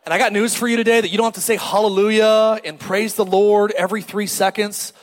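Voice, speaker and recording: A middle-aged male pastor preaching a lively, joking sermon and calling out to the congregation. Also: sits high, a little fast, in a large hall. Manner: animated, joking, calls for crowd response.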